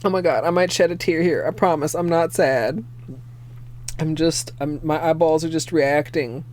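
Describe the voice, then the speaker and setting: Excitable streamer woman, teary and sniffling. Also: fairly low pitch, unhurried. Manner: excitable, swearing, exclamatory. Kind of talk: casual livestream chat.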